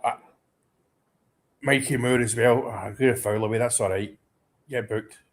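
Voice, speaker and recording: A man reacting live as a football fan, excitable and anxious, stammering and restarting his sentences. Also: medium pitch, normal speed. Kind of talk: live match watchalong reaction.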